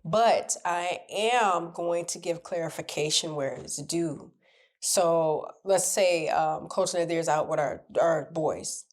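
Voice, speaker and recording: A middle-aged woman coach talking candidly to camera, animated and laughing as she acts out what people say to her. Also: low voice, slow. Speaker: relationship coach. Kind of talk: casual advice talk to camera.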